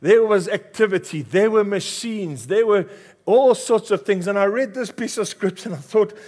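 A man's voice: high voice, moderate pace, a little mellow. A middle-aged South African man, a pastor, preaching a passionate sermon with emphatic repetition.

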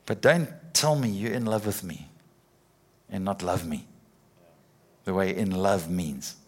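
A man's voice: sits low, measured pace, breathy edge. A middle-aged man preaching a sermon in a conversational way, with repetitions and playful acted-out quotes.

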